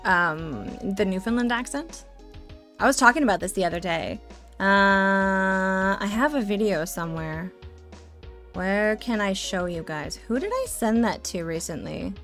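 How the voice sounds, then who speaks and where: A woman's voice: mid-range voice, moderate pace, a bit bright, soft background music. A woman streamer chatting casually and playfully, rambling with sarcastic asides, at a home desk microphone. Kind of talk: casual live-stream chat.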